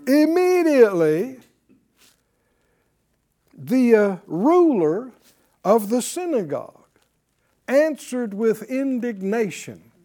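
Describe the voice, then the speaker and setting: A Bible teacher giving a broadcast lesson in an animated, conversational way, asking the audience questions and chuckling while teaching. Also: medium pitch, slow pace.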